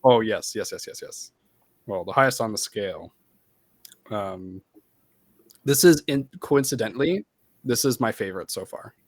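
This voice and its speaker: A man's voice: on the low side, lively intonation, normal speed, pauses often, no echo. A man in casual chat during a streamed tabletop game, announcing things in a showman-like, mock-formal way. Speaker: tabletop game player tasting hot sauce on stream.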